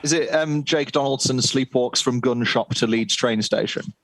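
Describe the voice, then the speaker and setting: A man on a comedy panel, offering halting guesses that start over several times. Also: medium pitch, fairly bright tone.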